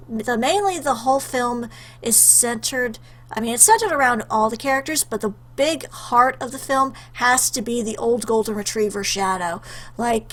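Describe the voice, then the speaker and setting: A woman's voice: a little high, fairly bright tone. A young woman chatting casually to her webcam, rambling with lots of fillers and restarts, choked up with emotion. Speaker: YouTuber answering a questionnaire.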